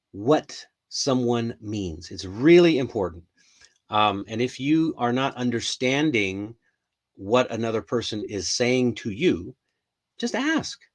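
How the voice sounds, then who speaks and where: A middle-aged man runs a casual live English lesson, with a voice of ordinary middle pitch. He talks in a loose, rambling way, full of ums, repeated words and restarts. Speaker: English teacher hosting a live stream.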